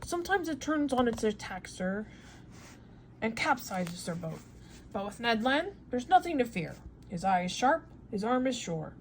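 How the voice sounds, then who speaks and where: A calm, commanding ship captain from a read-aloud storybook, put on by a woman reader. He speaks in a measured, assured way, in a fairly high voice. Faint hiss lies behind.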